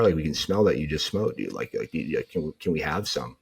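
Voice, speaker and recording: A man with a very deep, husky voice tells stories as a podcast guest. He rambles loosely, leaning on "like" and other fillers over and over. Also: expressive, fairly quick. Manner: rambling, filler-heavy, lots of "like". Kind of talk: casual storytelling.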